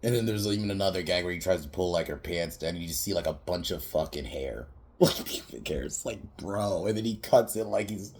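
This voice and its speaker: A man's voice: deep voice, fairly quick, darkish tone. A man casually recapping a comedy movie on a podcast, rambling, swearing and laughing as he goes. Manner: rambling, laughs often, swears, quotes scenes in mocking voices. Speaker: podcast host reviewing a movie.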